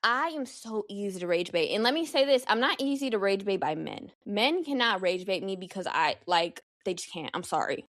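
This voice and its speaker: A young woman hosting a casual solo podcast, animated and slangy, swearing freely as she talks. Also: medium pitch, moderate pace, few pauses, no echo, studio quality. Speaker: podcast host.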